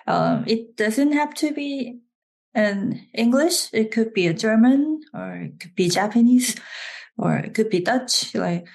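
Slow-talking woman with a Korean accent. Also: medium pitch, vocal fry. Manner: laughs often, halting restarts. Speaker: guest. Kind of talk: casual interview chat.

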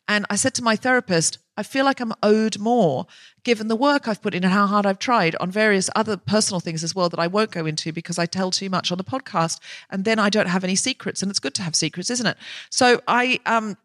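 A woman's voice: medium pitch, a bit bright, no echo, studio quality. A woman hosting a live comedy podcast, telling a rambling self-mocking story in casual chat. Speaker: podcast host. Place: live show on stage.

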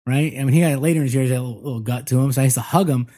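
A man in his thirties telling family stories in casual, animated conversation, swearing freely. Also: mid-range voice, very fast. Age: 30s.

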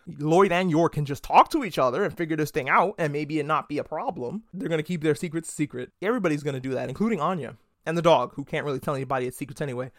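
A man's voice: a little high, fast, no echo, clean studio sound. A young man hosting a solo anime review podcast, talking casually with lots of swearing and jokey acted-out quotes. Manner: animated, profane, jokey, acts out quotes.

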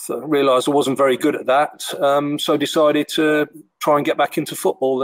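A man's voice: medium pitch, no echo, poor audio. A middle-aged man, a former goalkeeper, telling stories casually with lots of fillers and restarts. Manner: rambling, full of fillers and restarts. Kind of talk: casual storytelling.

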